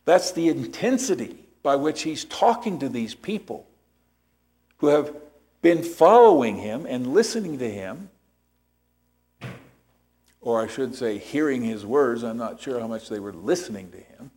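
A man's voice: medium pitch, big pitch swings, measured pace, pauses often, darkish tone. A man preaching a sermon as pastor, explaining scripture step by step and checking in with rhetorical questions.

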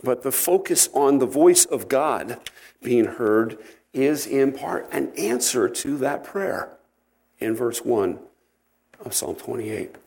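A man giving an expository Bible teaching, reading scripture aloud and then explaining it in an unhurried, conversational way, with fillers and self-corrections. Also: mid-range voice, expressive, creaky, a little mellow.

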